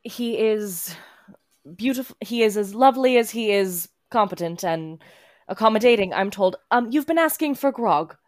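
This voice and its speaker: A woman's voice: mid-range voice, animated, normal speed, dry recording, studio quality, natural voice. A woman voicing a cool, imperious vampire lady in a tabletop game, with haughty, clipped commands. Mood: gracious. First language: not English. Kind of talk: tabletop role-play voicing.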